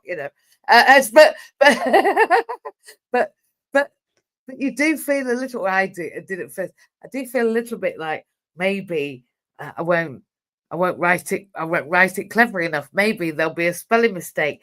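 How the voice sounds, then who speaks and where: A woman hosting an interview, telling stories in a lively way and acting out quoted lines. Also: medium pitch, normal speed. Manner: lively storytelling with quoted voices and laughs. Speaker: host. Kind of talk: casual conversational interview.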